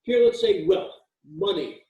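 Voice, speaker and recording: Brief: a relaxed male writing instructor, slightly high voice, casual and jokey, heard at a distance. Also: unhurried, muffled recording. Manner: casual, joking, with frequent fillers and restarts. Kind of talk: recorded lecture. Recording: echoey room, mic at a distance.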